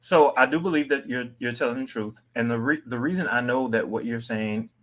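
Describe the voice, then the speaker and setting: A man's voice: mid-range voice, a little fast, a bit bright. A man in a casual reality-TV recap chat, explaining things step by step while eating.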